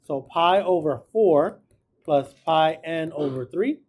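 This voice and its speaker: A man's voice: on the high side, takes it slowly, darkish tone. A man teaching a math class, casual and encouraging, talking through each step aloud. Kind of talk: classroom lecture.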